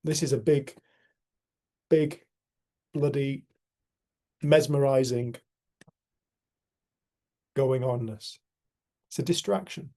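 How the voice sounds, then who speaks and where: A man's voice: mid-range voice, slow, long pauses, mellow. A man leading a casual community group discussion, talking in an earnest, emphatic way. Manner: earnest, emphatic, swears mildly.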